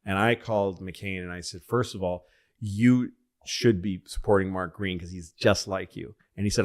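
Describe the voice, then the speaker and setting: A man's voice: lowish voice, moderate pace. Man telling stories in a casual chat. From Massachusetts, USA. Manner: animated storyteller who acts out quoted people in raised voices. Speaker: podcast guest, comedian.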